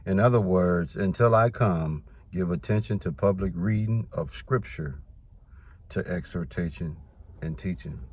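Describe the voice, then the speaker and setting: Deep-voiced man preaching casually. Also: measured pace, dark tone, a little hiss or hum. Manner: conversational, repeats "man" and "you know"; reads scripture verses aloud, then explains them. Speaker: Bible teacher.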